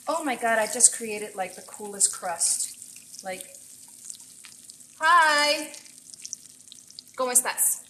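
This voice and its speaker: A woman's voice: medium pitch, unhurried, a bit bright, echoey room, a little hiss or hum. A woman chef cooking at home on a casual livestream, chatting to viewers in a gushing way and dropping in Spanish phrases. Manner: gushing, exclaims often, mixes in Spanish phrases. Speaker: chef streaming a cooking session. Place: home kitchen.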